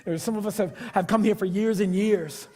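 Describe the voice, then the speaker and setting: High-voiced pastor in a reverberant church. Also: male voice, steady tone, brisk. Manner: conversational, swings from hushed intimate lines to loud playful asides. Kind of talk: Christmas Eve sermon. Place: church sanctuary. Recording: long hall reverb of a church.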